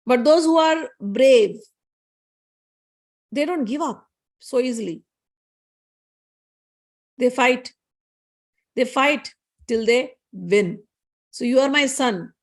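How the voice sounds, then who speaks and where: A stern, loving mother goddess, as a woman storyteller puts her on, scolding and then rousing with raised, forceful lines. Her voice climbs high in places. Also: lively intonation, takes it slowly, long pauses, exaggerated voice.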